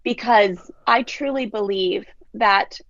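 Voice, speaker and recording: A woman with a mid-range, creaky voice takes her time telling stories on a podcast, where she works as a parenting coach from Southern California. She's an animated storyteller who acts out children's voices as she goes. The recording is lo-fi, with no room sound.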